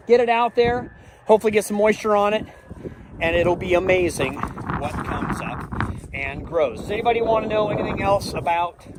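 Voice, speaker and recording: A middle-aged man, a farmer, chatting casually outdoors in his fields, explaining his work as he goes and drifting off topic. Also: sits high. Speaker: farmer vlogger. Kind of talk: casual outdoor farm vlog.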